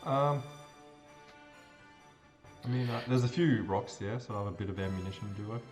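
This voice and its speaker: A man's voice: on the low side, normal speed, darkish tone, faint music behind. A man with an Australian accent playing in a tabletop game, talking casually and saying "like" a lot. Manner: casual, with lots of likes. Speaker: player. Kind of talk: tabletop role-play.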